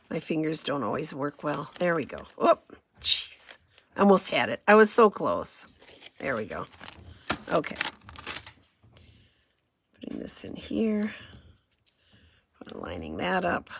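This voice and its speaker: Chatty lady doing a craft demo, kinda low voice, thinks out loud, faint noise. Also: big pitch swings, slow pace, creaky, long pauses. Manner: chatty, self-deprecating, thinks aloud. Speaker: craft demonstrator.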